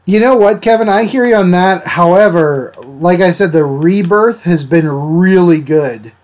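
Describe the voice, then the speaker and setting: A man's voice: high voice, expressive, measured pace. A man chatting casually with his livestream viewers while he inks drawings, rambling and laughing as he answers them. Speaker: art livestreamer.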